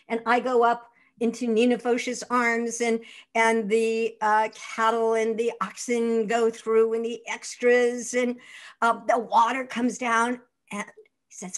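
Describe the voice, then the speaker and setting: Older woman telling a lively anecdote. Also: fairly high pitch, a little slow. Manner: lively, laughing raconteur acting out quotes. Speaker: actress guest. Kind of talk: anecdotal interview storytelling.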